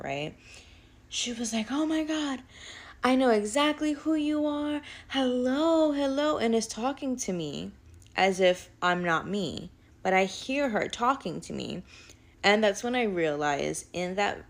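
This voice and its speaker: A woman's voice: on the low side, creaky. A woman casually telling a personal spiritual story, chatty and rambling, peppered with "like.". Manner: chatty, rambling, heavy use of "like".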